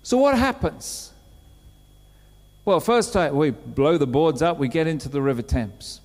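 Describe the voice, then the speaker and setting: A man preaching a sermon, telling a story with lively acted-out quotes. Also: a little high, unhurried. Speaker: pastor. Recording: long hall reverb.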